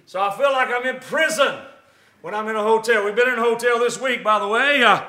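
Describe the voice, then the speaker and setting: A middle-aged man, preaching a sermon in a church, fervent and swelling to shouts, with folksy asides. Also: very high voice, a little fast. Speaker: visiting preacher. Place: church sanctuary.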